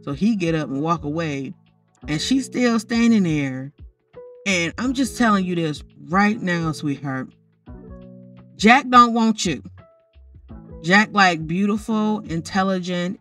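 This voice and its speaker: A woman talks her way through a game story in a loose, gossipy tone, ribbing the characters as she goes. Her voice sits a little back from the microphone. Soft music plays underneath. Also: lowish voice, recorded from a distance. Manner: chatty, teasing, talks straight to the characters. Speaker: narrator of a life-simulation story. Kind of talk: casual commentary over gameplay footage.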